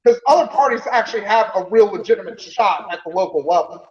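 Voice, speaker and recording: High-voiced angry man ranting. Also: animated, fast, darkish tone, muffled recording. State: talking with candy in his mouth. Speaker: guest. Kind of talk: casual livestream chat.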